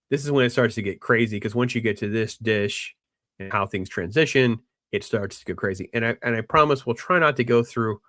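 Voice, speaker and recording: A man hosting a casual film discussion, rambling with restarts and animated quoting of characters. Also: lowish voice, no echo, studio quality. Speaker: podcast host.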